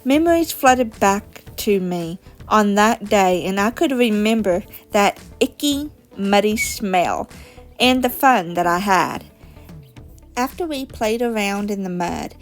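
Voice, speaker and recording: Slow, deliberate woman reminiscing. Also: mid-range voice. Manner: slow, deliberate storytelling with soft chuckles. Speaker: crafting channel host. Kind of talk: slow reminiscing chat over crafting. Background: soft background music.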